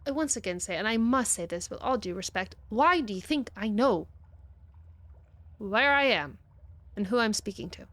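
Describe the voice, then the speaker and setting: A woman's voice: fairly high pitch, animated, normal speed, fairly bright tone, dry recording. A woman playing her character in a tabletop role-playing game, talking in an earnest, pleading way. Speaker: player.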